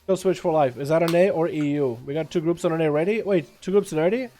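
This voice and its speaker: The voice is a man's, fairly high in pitch yet dark in tone, and fast, with faint music in the background. He's streaming a game live, loosely chatting with viewers, cursing now and then, and hyping the crowd.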